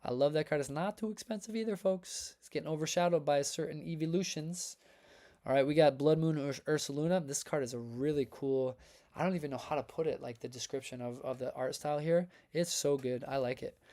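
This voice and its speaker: Energetic man hosting a card livestream. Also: on the high side, a little fast. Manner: energetic, hype-filled, talks to chat as folks and man. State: voice worn from long reading. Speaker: livestream host reviewing trading cards. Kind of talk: casual livestream chat reading viewer comments.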